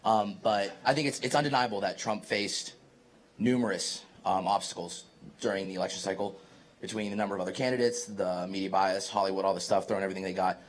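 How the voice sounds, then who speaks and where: A man in the audience thanking the speaker and then asking a question in a polite, deliberate way. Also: deep voice, fairly even intonation. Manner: polite, deliberate, grateful opening.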